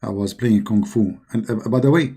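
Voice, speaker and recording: A middle-aged man talks through a scoffing monologue, heavy with sarcasm and loose, non-native grammar. His voice sits low in brightness, mellow and a little husky. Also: normal speed. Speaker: online commentator. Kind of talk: mocking religious-critique monologue.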